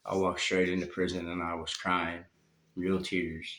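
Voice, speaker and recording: A man telling a painful personal story from his life, speaking haltingly with long pauses and fillers. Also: low voice, flat delivery, fairly bright tone. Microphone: phone. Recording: roomy phone recording.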